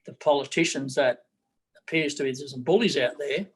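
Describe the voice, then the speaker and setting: A man's voice: medium pitch, a little fast, slightly rough, low-quality recording. A middle-aged man with an Australian accent, a political candidate talking bluntly in an interview, repeating his words as he goes.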